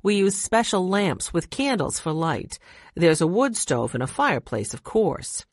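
A cheerful, chatty woman who runs a lodge and likes to keep a little mystery, read by a woman narrator. Her voice sits low and even, and it is recorded very dry and close. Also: a little slow, no room sound, heavily acted. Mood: friendly.

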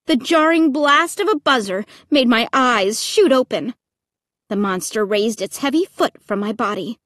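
A woman reads a first-person audiobook with dramatic expression, her voice high and her pace unhurried. The recording is dry and close, with no room sound. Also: dry recording. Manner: dramatic, expressive reading with shrieks. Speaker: audiobook narrator.

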